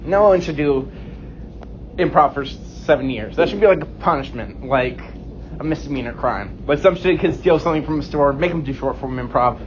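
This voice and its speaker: A man in his late twenties doing a self-deprecating stand-up set with deadpan punchlines on a comedy club stage. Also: fairly high pitch, a little fast, a little hiss or hum. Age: 20s. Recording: dull lo-fi recording.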